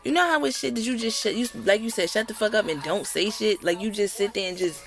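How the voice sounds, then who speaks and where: A woman co-hosting a podcast in casual chat, soft-spoken and gushing, sometimes dropping almost to a whisper. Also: medium pitch, fast talker, loud music behind the voice. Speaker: podcast co-host.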